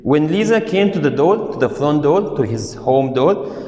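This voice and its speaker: A man teaching an online literature lesson, reading quotes aloud and explaining them. He talks slowly and deliberately, rephrasing his points and filling pauses with "uh". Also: a little high, animated, warm tone. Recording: roomy with a long echo.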